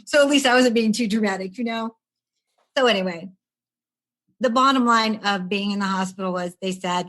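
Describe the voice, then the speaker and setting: Woman in her 60s on a podcast, chatty and lively, keeps acting out what people said to her. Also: medium pitch, moderate pace. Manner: animated storyteller who acts out quoted voices with laughs. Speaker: guest, stress management coach. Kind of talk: conversational podcast storytelling.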